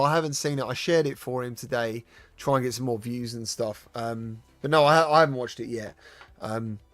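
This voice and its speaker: Chatty British streamer greeting viewers. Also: male voice, mid-range voice, no room sound. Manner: chatty, greets viewers by name, many fillers and restarts. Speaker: VR gaming streamer. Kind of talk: casual live-stream chat reading viewer comments.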